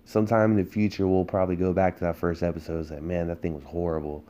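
A man's voice: low-pitched, little pitch movement, quick pace, mellow. A man hosting a political podcast, delivering a heated, emphatic monologue full of rhetorical questions. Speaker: podcast host.

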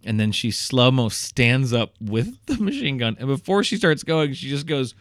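A man co-hosting a casual movie review chat, animated and jokey, who sometimes breaks into shouted whoops. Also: medium pitch, normal speed, no echo. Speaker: podcast co-host.

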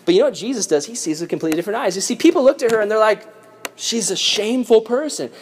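Young youth pastor guy, casual and lively, uses slang, tells bible stories to kids. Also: high-pitched, racing, slight background noise. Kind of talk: youth sermon.

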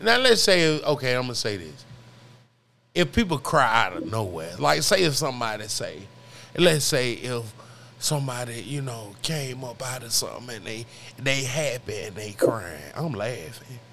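A man's voice: mid-range voice, big pitch swings, normal speed, creaky, pushed and bright. Stammering, laid-back male podcast host. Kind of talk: casual podcast chat.

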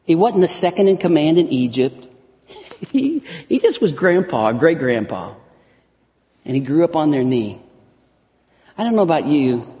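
A man in his forties preaching a sermon as pastor, swinging from loud emphatic peaks to hushed soft lines and often repeating words. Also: on the high side, sing-song, unhurried, pauses often. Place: church sanctuary. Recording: long reverb of a large hall.

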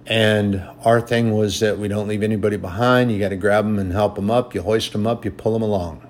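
A man preaching a sermon with emphasis, repeating his points for stress and reading scripture in a raised, slow voice. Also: on the low side, fairly even intonation.

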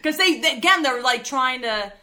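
A woman's voice: sits high, expressive, normal speed, pushed and bright. A woman co-hosting a podcast, chatting casually and filling her talk with "like" and "uh". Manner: chatty, fills with "like" and "uh". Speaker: podcast co-host. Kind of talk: casual chat.

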